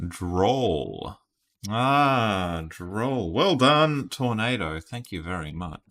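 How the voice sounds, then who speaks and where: Streaming word games, a man with a low, slightly bright voice keeps up easygoing commentary, reasoning aloud and chuckling at his own moves.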